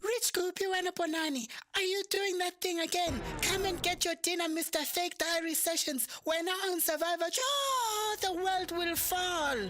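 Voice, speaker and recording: An exasperated woman teasing a man, very high and shrill, faint music behind. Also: moderate pace, few pauses, fairly bright tone. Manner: teasing, scolding. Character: exasperated woman calling a grown man to dinner. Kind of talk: comic ad.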